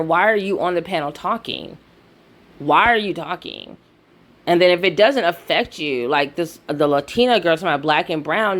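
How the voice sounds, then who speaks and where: A woman's voice: on the low side, normal speed, fairly bright tone. A woman giving a blunt, heated opinion vlog, swearing freely. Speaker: video commentator.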